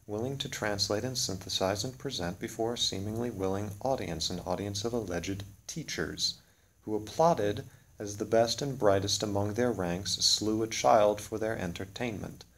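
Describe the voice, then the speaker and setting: Low-voiced man reading a solemn story. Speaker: narrator. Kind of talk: scripted literary narration.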